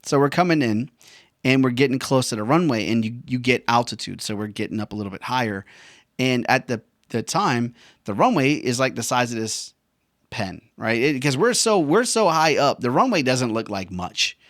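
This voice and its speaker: A man's voice: mid-range voice, animated, moderate pace, fairly bright tone, no echo. Slangy man telling a story, dry sound. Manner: slangy and profane, says bro and man. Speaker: veteran vlogger. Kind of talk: casual storytelling monologue.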